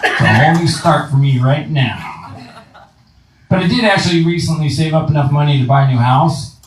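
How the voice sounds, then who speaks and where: A man in his thirties with a fairly high voice, working a stand-up set on a club stage. He swears freely and slips quick impressions into his punchlines. His voice sounds roomy and a little distant from the mic, with a faint hiss behind it. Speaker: stand-up comedian.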